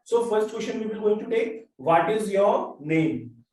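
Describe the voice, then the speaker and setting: High-voiced man teaching in an echoey classroom. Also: animated, a little mellow. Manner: slow, repetitive explaining with drawn-out example words. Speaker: French teacher. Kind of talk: classroom lesson. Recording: echoey classroom, far from mic.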